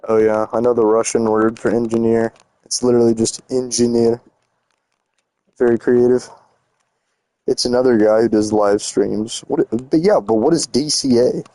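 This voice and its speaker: A man's voice: medium pitch, steady tone, normal speed, mellow, no room sound. A young man streaming a game, chatting casually and teasing his chat in slangy, rambling talk while he builds.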